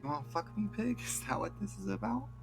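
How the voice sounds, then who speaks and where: A man voicing a cruel, foul-mouthed young boy in a video game, jeering and hurling crude insults in a pitched-up voice. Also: lively intonation, a little fast, gravelly, music in the background. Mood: taunting.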